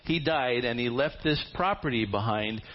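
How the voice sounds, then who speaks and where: A man's voice: medium pitch, normal speed, close to an everyday voice. A man voicing an older, humble and gracious landowner who gushes with praise, on a dull lo-fi recording. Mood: businesslike.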